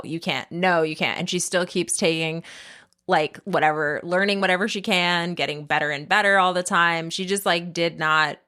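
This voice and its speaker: A woman's voice: fairly low pitch, pushed and bright, clean tone. A woman hosting a podcast, telling a history story in a chatty way with fillers and emphatic asides. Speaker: podcast host. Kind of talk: casual storytelling chat.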